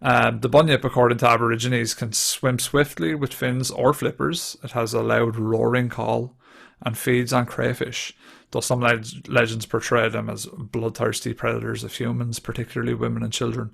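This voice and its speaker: Host: English man, very gravelly voice, flat delivery, casual podcast chat. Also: medium pitch, moderate pace. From England. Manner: chatty, laughs easily, reads notes aloud.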